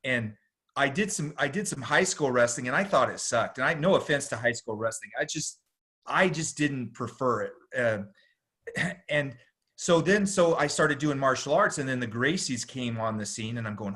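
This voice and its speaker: A middle-aged man, a podcast guest, telling a long story in a casual, animated way, full of slang and "dude". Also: mid-range voice, moderate pace. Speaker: podcast guest, jiu-jitsu instructor.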